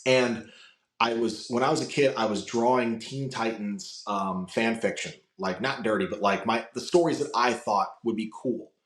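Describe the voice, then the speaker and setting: This man from Florida, USA, appears as a podcast guest, speaking at a medium pitch and normal speed. His casual storytelling wanders through long personal tales, packed with fillers and restarts, and the room sounds echoey.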